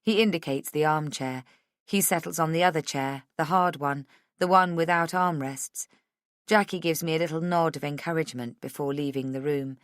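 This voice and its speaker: A woman narrating a first-person thriller audiobook in a measured, intimate reading. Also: sits low, no echo, clean studio sound.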